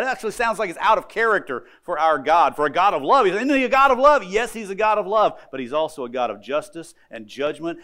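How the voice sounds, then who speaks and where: A man preaching a sermon as pastor, telling the story dramatically and swinging between loud emphasis and quiet asides. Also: on the high side.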